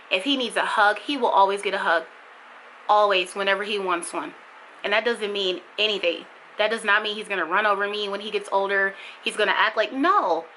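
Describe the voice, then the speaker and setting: A woman's voice: a little hiss or hum, rough recording. A young adult woman vlogging candidly, talking with strong feeling and repeating herself for emphasis. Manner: impassioned, emphatic, repetitive for emphasis; bursts high and loud when mimicking others. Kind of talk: candid vlog monologue.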